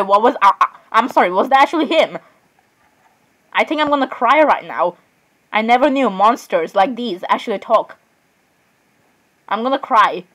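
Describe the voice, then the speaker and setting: A young woman chatting excitedly as she comments on her own gameplay, often saying sorry and literally. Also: fairly high pitch, poor audio. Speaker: gamer.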